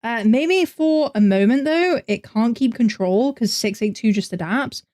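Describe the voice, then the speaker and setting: A young woman with a northern English accent hosts a live reaction stream. Her voice sits a little high, and she talks in a chatty, animated way while answering her chat. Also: unhurried. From north of England. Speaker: VTuber streamer.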